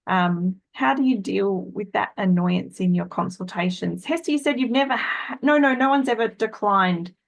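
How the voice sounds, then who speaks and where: A woman's voice: mid-range voice, normal speed, vocal fry, few pauses, rough recording. A woman moderating a webinar panel on a video call, steering it with questions.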